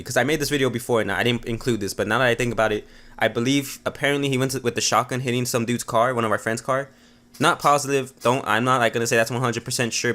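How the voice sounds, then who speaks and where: A man talking fast on his vlog, telling a story. His pitch sits in the middle range. He rambles and swears, and he packs his sentences with fillers. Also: a bit bright. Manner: rambling, profane, heavy with fillers. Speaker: vlogger. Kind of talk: casual storytelling.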